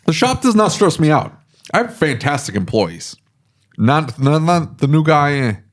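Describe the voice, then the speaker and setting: A middle-aged man, a shop owner, chatting casually on a podcast and telling rambling, animated stories. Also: a little high, a little slow. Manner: rambling, animated storytelling with laughs.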